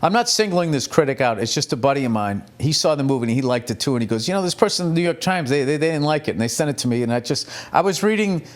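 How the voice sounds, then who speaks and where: A middle-aged male comedian rambling through a casual, profane monologue, telling stories in an animated way. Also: fairly high pitch, rapid-fire, hardly any pauses. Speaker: comedian, podcast host.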